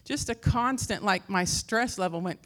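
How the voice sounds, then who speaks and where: A woman who teaches Christian faith, giving an informal talk and telling rambling, animated stories that act out other people's voices. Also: fairly low pitch, moderate pace. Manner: acts out quoted voices.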